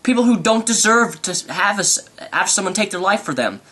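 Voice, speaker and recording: A young man rambling excitedly through an unscripted movie review vlog. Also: high voice, a little fast.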